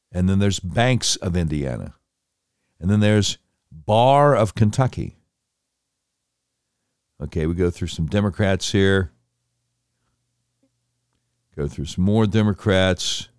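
A man's voice: sits low, lively intonation, slow, long pauses, a little mellow, clean tone, no echo, clean studio sound. A man commenting on politics, reading through a list with indignant, sarcastic remarks.

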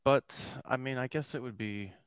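A man's voice: medium pitch, moderate pace, clean tone, no echo. A man hosting a podcast, chatting loosely and off the cuff. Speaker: podcast host. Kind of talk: casual podcast chat.

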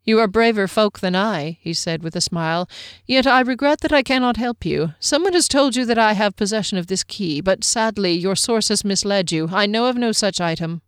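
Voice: mid-range voice, animated, normal speed, fairly bright tone, clean tone, no room sound, clean studio sound, natural voice. A narrator voicing a proud, guarded army major who speaks formally and courteously. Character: stern proud human army major, middle-aged.

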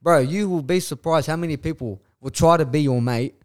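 Young man, rapid speech, higher-pitched voice, swears a lot, lively storytelling, podcast guest. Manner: heavy swearing, animated storytelling. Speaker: guest influencer. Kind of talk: casual podcast chat.

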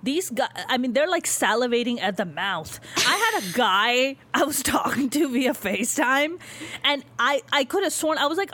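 A woman talks in a loose podcast conversation, her voice sitting a bit high. She tells stories in a brash, animated way and swears freely. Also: normal speed. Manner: brash, profane, animated storytelling. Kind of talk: casual chat.

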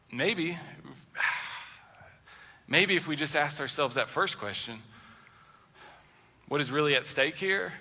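A male pastor preaches with lively, swooping pitch and a very bright, forceful tone. He acts out quoted voices and drops between loud and soft passages. His voice rings in a long church reverb. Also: slow, long pauses. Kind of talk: sermon. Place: church sanctuary.

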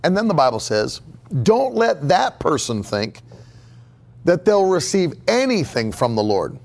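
Emphatic gravelly-voiced male preacher. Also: on the high side, very animated, measured pace. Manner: emphatic, repeats key phrases. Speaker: pastor. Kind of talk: sermon. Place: church sanctuary.

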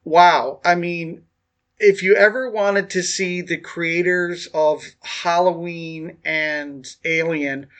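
A man's voice: a little high, steady tone, slow pace, a bit bright. A man co-hosting a podcast in casual banter, telling stories animatedly and laughing often. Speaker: podcast co-host.

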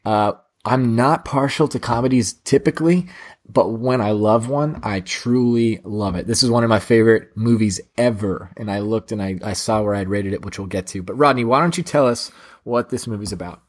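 A man's voice: fairly low pitch, moderate pace. Enthusiastic male podcast host. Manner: enthusiastic, lots of filler "like". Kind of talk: casual chat about films.

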